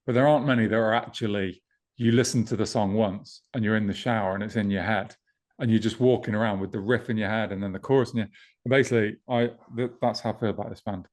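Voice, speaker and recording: A man co-hosting a podcast, talking in a relaxed, easygoing way, filling gaps with ums and swearing casually. His voice is fairly low. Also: fast. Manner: laid-back, swears casually, many ums. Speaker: podcast co-host, festival promoter. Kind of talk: casual chat.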